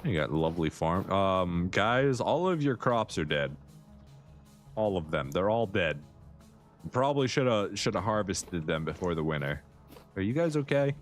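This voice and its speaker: A man's voice: deep voice, big pitch swings, normal speed, soft background music. A man streaming a survival game live, chatting and joking at the characters. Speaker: livestreaming gamer. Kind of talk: live gameplay commentary.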